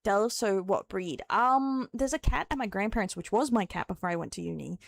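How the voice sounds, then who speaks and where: A woman's voice: mid-range voice, lively intonation, a little fast, gravelly, no echo. A tired young Australian woman streamer chatting casually with viewers, giggling, rambling and swearing as she goes. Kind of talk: casual live-stream chat.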